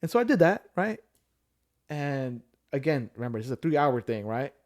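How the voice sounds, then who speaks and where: A man's voice: medium pitch, sing-song, normal speed, darkish tone. A man, telling a personal story in casual chat, full of fillers and restarts. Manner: rambling storyteller with many fillers. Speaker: podcast guest sharing his story.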